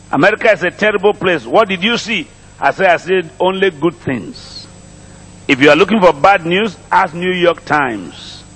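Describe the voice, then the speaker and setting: A man's voice: a little high, a bit bright, in a large hall. A middle-aged man with a Nigerian accent, preaching a sermon, drawing calls and responses from the congregation and repeating his phrases. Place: church congregation.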